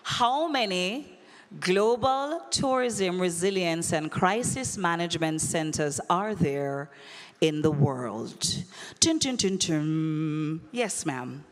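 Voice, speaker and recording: A woman emceeing a conference, running a brisk, playful audience quiz and teasing the crowd over a handheld microphone. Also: on the low side, expressive. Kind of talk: lively audience quiz hosting. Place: large conference hall. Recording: long hall reverb.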